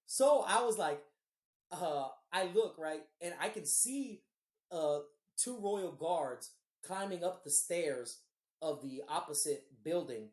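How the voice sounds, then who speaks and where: A woman telling a rowdy story on a podcast, her lowish voice swinging up and down with lively energy. She swears freely and slips into the voices of the people she quotes. The recording sounds roomy and echoey. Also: slow. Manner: animated, swears freely, acts out quoted dialogue. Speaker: podcast co-host. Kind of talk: casual storytelling chat.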